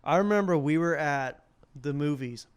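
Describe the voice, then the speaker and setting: A young man in his twenties, a podcast guest and comic, telling casual stories into a podcast mic, animated and laughing, acting out scenes. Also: on the high side, normal speed, clear, resonant tone. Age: 20s. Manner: animated, laughing storyteller who acts out scenes. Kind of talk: casual storytelling. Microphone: podcast microphone.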